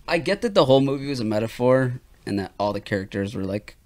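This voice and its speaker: A young man trading jokes on a podcast with a lively, swooping voice. He laughs often and likes to provoke his co-hosts. His pitch sits in a middle range for a man. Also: brisk. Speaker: podcast co-host. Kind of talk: casual chat.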